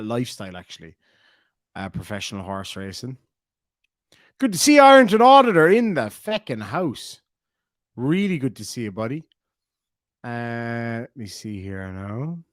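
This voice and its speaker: A man's voice: medium pitch, no echo, clean studio sound. A man with an Irish accent hosting a casual livestream, reading viewer comments aloud and rambling with lots of fillers. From Ireland. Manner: rambling, chatty, many fillers. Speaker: livestream host.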